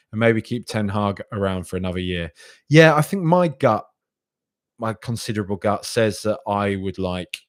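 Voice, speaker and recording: A man's voice: fairly low pitch, dry recording. A man hosting a casual fan podcast, reading out listener comments and rambling as he replies. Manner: rambling, repeats himself, chatty with fans. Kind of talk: casual live-stream chat.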